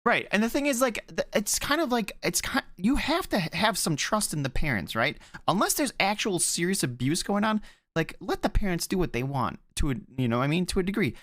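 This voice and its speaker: This is a man co-hosting a casual podcast. His voice sits a bit higher than most men's, and the sound is dry and close. He tells stories animatedly and swears freely. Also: big pitch swings, fairly quick, fairly bright tone, dry recording. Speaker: podcast co-host. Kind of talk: casual chat.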